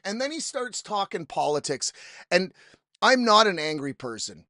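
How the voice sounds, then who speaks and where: A man's voice: high voice, sing-song, normal speed, sharp tone, no echo, studio quality. A man hosting a podcast, telling a story in an exasperated, profane, rambling way, often quoting people he met. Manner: profane, exasperated ranting with quoted asides. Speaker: podcast host. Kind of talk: casual storytelling monologue.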